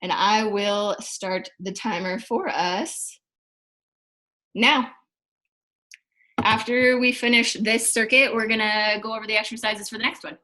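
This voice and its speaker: A woman leads a live fitness class over a video call, cueing each move as she demonstrates it. Her voice sits a touch high and rings around a bare, echoey room. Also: steady tone, unhurried, pauses often, sharp tone. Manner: instructive, cueing exercises while demonstrating. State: out of breath. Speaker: fitness instructor. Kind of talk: live online workout class.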